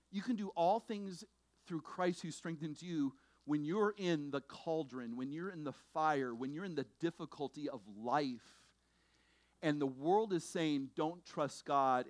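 A middle-aged male pastor preaching a sermon, swinging between loud bursts and low, intense passages. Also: no echo. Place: church sanctuary.

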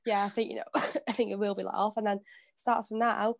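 Brief: woman, gravelly monotone, matter-of-fact co-host. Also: medium pitch. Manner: quick interjections, matter-of-fact. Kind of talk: casual chat.

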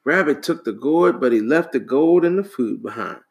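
A man reading a folktale aloud to a child, animated and relaxed, with casual asides. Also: a little high, moderate pace. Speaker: storyteller.

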